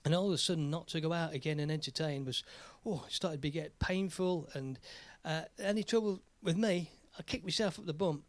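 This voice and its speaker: An English man rambles cheerfully as he hosts his own music live stream, cracking jokes between songs. His voice sits a little high and sounds close and dry. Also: fairly quick, few pauses, no room sound. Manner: chatty, rambling, jokey. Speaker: live stream host and singer. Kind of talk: casual live stream chat.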